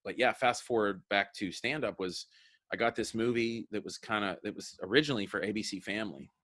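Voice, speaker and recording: A man in his thirties with a lowish voice tells loose, rambling stories from his career in easy interview talk. He keeps slipping into the voices of the people he quotes, circling back with repeated words as he goes. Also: a little fast, fairly bright tone. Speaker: comedian guest. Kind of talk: casual interview chat.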